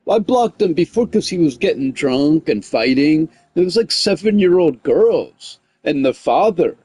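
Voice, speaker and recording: This livestreaming gamer's voice runs on the high side, with lively intonation, a breathy edge and normal speed, and there's no echo. He rambles casually, full of "like" and "you know what I mean," growing heated and loud when recounting conflicts.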